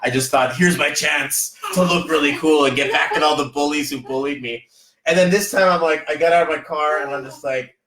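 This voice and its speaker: A man hosting a podcast, chatting casually and motivationally, telling rambling, animated stories full of fillers. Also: on the high side, brisk, echoey room, low-quality recording. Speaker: podcast host.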